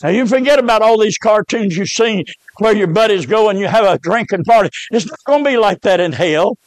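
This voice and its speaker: A man preaching a fiery revival sermon, emphatic and rising to shouts on key words. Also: high-pitched, animated, fairly quick, no room sound.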